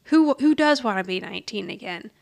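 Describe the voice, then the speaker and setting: A woman's voice: mid-range voice, lively intonation, a little fast, gravelly. A woman co-hosting a podcast, casually recapping a TV episode and acting out the characters' lines, often laughing. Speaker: podcast co-host.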